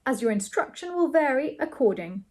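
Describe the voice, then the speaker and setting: A woman's voice: high voice, very animated, moderate pace, voice pushed up. A woman reading as a pompous male earl. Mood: lofty.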